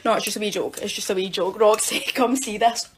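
A woman's voice: mid-range voice, steady tone, a little fast, noisy background, natural voice. A woman voicing a mocking animatronic, taunting crudely and giggling.

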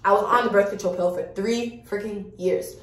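A woman in her early twenties telling a personal story to her viewers in a frank, animated way, swearing freely. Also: mid-range voice, normal speed, distant mic. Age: early 20s. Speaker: vlogger. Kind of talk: casual storytime chat. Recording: echoey room, voice off-mic.

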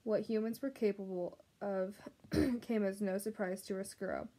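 A woman narrating a children's novel aloud, gently addressing the reader. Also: medium pitch, fairly even intonation, moderate pace. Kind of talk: storybook read-aloud narration.

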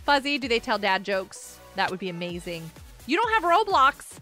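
High, lively, bright-voiced woman streamer. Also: moderate pace, faint music behind. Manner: chatty, reads chat aloud, excitable outbursts. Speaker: live-streaming gamer. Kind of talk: casual live-stream chat while playing.

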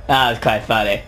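A man's voice: mid-range voice, sharp tone, a little hiss or hum. A young man commenting on a horror video game, jumpy, yelping and talking back at the characters. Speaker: gaming YouTuber.

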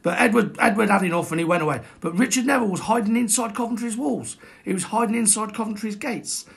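Jokey male host, casual live-streamed history lesson, raised pitch. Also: fast talker, creaky, a bit bright. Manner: jokey, chatty, greets viewers by name.

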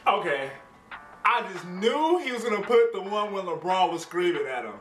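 A man's voice: sits high, big pitch swings, moderate pace. A man hosting a reaction video, giving casual, chatty commentary, laughing often and stumbling over his words. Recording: echoey room with faint music.

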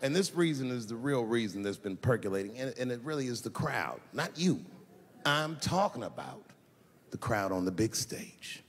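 A man doing stand-up comedy for a live audience, talking loudly and profanely and building his jokes up to shouted punchlines. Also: medium pitch, big pitch swings, normal speed. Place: large stage before a live audience. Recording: live hall with long reverb, faint crowd noise.

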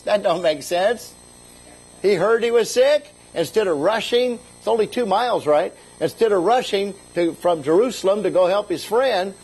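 Middle-aged male preacher, raspy and a touch high-pitched, casual conversational sermon delivery. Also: lively intonation, moderate pace, darkish tone, poor audio. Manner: casual, folksy paraphrase of scripture, voices rise for quoted lines. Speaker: bishop preaching. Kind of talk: conversational sermon retelling scripture.

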